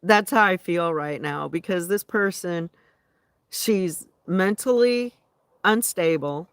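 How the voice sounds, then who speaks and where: A woman's voice: fairly low pitch, takes it slowly, clear, resonant tone, dry recording, studio quality. A woman ranting indignantly to her viewers in a rambling, casual way, often restarting her sentences. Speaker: vlogger. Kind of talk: casual venting rant to viewers.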